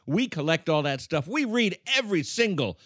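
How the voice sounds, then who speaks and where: A man's voice: on the high side, sing-song, fairly bright tone, no room sound, clean studio sound. A man co-hosting a comedy podcast, playful and teasing in casual banter. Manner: playful, teasing, dramatic pauses. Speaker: podcast co-host.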